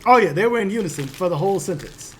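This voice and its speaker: A man with a high voice runs a tabletop game, telling the scene in a loose, swearing, lively way. Faint noise sits under his voice. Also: quick pace. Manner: casual, profane, animated storytelling. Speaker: game master.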